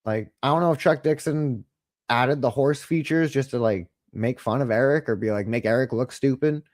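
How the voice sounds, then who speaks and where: A man's voice: medium pitch, moderate pace, a little mellow, dry recording, clean studio sound. A man co-hosting a casual podcast chat, rambling and profane with a mocking tone. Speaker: podcast co-host.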